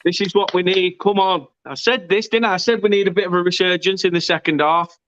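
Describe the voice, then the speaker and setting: A man's voice: sits high, steady tone, brisk, a bit bright, a little hiss or hum. A man hosting a football fan watchalong, chatting casually, reading out viewer comments and laughing often. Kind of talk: casual match commentary chat. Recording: dry, dull lo-fi sound.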